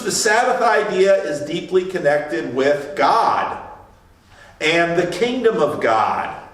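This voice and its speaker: A man preaches loosely and playfully, slipping into voices for the people he quotes. His voice sits high and he takes his time. He is heard from a distance in a strongly echoing church. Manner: animated, joking, acts out voices in quotes. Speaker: pastor. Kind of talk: informal sermon. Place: church sanctuary. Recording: distant mic in a very echoey room.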